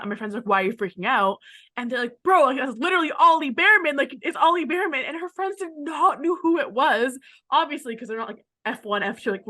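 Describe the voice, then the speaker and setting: A young woman from Canada co-hosts a chatty podcast, wandering off topic and filling every gap with "like". Her voice is bright and a little high. She talks in a loose, casual way. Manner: rambling, chatty, heavy use of "like". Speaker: podcast co-host. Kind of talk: casual chat.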